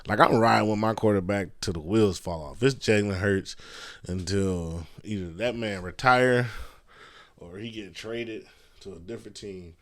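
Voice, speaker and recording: A man's voice: fairly low pitch, normal speed. A man hosting a casual solo podcast from a messy room at home, rambling loosely with fillers and swearing. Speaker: podcast host. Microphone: podcast mic.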